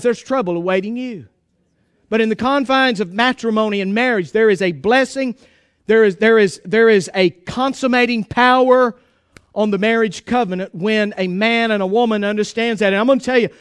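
High, smooth-voiced folksy male preacher. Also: brisk, no echo, clean studio sound. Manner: folksy, joking, emphatic. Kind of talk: sermon.

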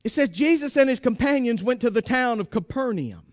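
A man's voice: very high voice, expressive, a little fast, dry recording, studio quality. A man preaching a sermon to his congregation, emphatic and exhorting, repeating phrases for force. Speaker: pastor.

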